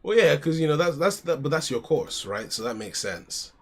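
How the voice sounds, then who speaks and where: This American man's voice sits a bit high, swings widely in pitch, and has a slightly rough edge at a moderate pace. Streaming from his home, he chats easily and talks through each card game move, addressing folks as "mate."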